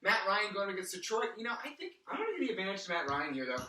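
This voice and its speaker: Fast-talking man rambling through puns. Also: high voice, very animated, bright, forceful tone, a little hiss or hum. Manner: rambling, wandering off on pun tangents. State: losing his voice. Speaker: fantasy football league host. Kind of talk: mock sports-analyst preview. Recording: roomy, distant mic with music behind.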